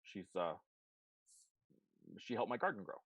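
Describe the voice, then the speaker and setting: A blunt, businesslike dragonborn barmaid from a tabletop game, as a man puts her on. She answers in short, laconic lines in a very deep voice. The sound is close and dry. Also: very animated, a little slow, fairly bright tone, slightly rough, dry recording, exaggerated voice. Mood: curt. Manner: curt, laconic replies.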